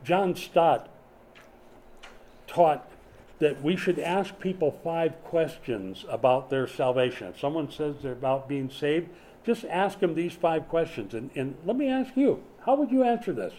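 A man's voice: fairly high pitch, animated, a little slow, warm tone, a little hiss or hum. A man in his sixties preaching a sermon in a conversational way, putting questions to his congregation. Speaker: pastor. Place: small church during a power outage.

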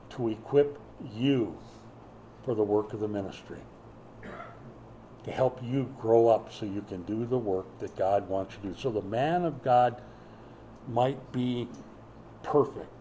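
Middle-aged male pastor, sermon delivery, warm mellow tone, storytelling with humor. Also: medium pitch, a little hiss or hum, poor audio.

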